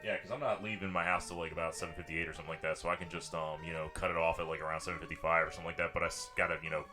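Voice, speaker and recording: 语速很快的低沉男声. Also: male voice, low voice, music in the background. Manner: fast, excitable, filler-heavy. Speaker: podcast co-host. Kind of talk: casual chat.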